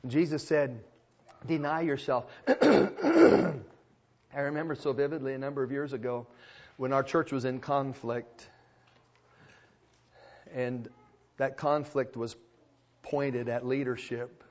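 A man's voice: medium pitch, slow pace, long pauses, a little mellow, lo-fi sound. A male pastor preaching a sermon in an emphatic style, repeating phrases for weight.

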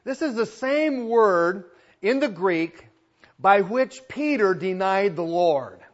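A man's voice: high-pitched, animated, slow, dull audio. A male pastor preaching a sermon in an emphatic style, repeating phrases for weight.

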